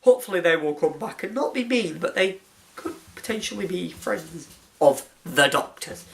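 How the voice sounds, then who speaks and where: An excited fan reviewer recapping a TV episode, gushing and rambling, often restarting with "anyway". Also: mid-range voice, normal speed, gravelly.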